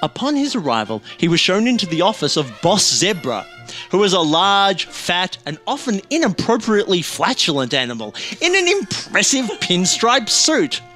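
A man's voice: sits high, sing-song, normal speed, pushed and bright, soft background music. Giggly man reading a comic story. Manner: giggly, playful. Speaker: podcast co-host.

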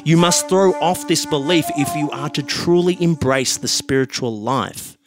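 Hushed, slow, solemn animal guru, played by a man for a comic storybook read. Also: on the high side, music in the background, lightly acted. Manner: speaks very quietly and slowly. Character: old llama sage, slow and solemn.

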